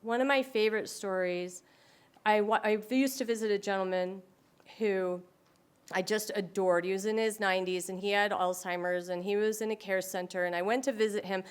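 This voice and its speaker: Woman, presenter, animated storyteller, acts out voices, mid-pitched. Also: moderate pace, smooth. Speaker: speaker on dementia care. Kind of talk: presentation to an audience.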